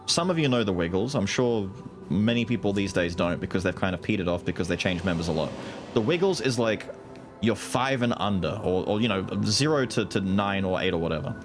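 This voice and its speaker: A man's voice: fairly low pitch, brisk. Guy in his 30s streaming a game, swears a lot, voice bounces all over, faint game music. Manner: animated, swears freely. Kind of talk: casual gaming commentary.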